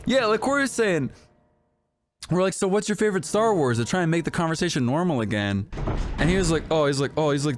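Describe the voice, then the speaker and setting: A man's voice: a little high, lively intonation, fast talker, a little hiss or hum. A young man co-hosting a let's play, telling rambling, profane stories in casual gaming chat. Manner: rambling storytelling, swears a lot.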